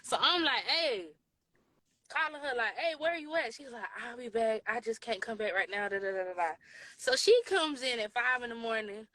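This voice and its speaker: A bright, slightly high woman's voice with a drawl, in her twenties. She tells a long story in an animated, casual way and slips into the voices of the people in it. Her tone is clear and lively, with a touch of edge. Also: moderate pace, no echo. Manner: animated, acts out quoted voices, Southern US slang. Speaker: podcast co-host telling a story. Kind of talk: casual storytelling on a live show.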